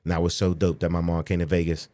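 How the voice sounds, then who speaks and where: A man in his forties, from the Pittsburgh area, telling a profane childhood story as a podcast guest, animated and acting out the voices of people he quotes. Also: low voice, fast. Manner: profane, animated, acts out quoted voices, frequent "you know what I'm saying". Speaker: podcast guest, pro bodybuilder. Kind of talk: casual storytelling in a podcast interview.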